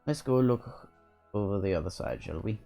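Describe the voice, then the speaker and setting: A man's voice: fairly low pitch, expressive, moderate pace, vocal fry, warm tone, soft background music. A man voicing a chatty, bossy little male fairy sidekick while reading a game aloud. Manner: lilting, bossy, slangy and matter-of-fact.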